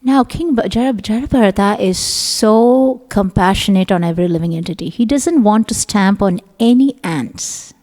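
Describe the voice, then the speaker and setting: A middle-aged woman giving a scripture class, telling the story in an animated way and acting out the voices of its characters. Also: medium pitch, normal speed, hardly any pauses. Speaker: class speaker. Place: temple hall. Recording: long hall reverb.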